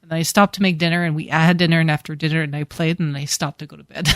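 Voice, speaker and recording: A woman's voice: deep voice, little pitch movement, rapid-fire, a bit bright, dry recording, clean studio sound. A woman co-hosting a podcast, telling a rambling story in casual chat with loose fillers and some swearing. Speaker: podcast co-host.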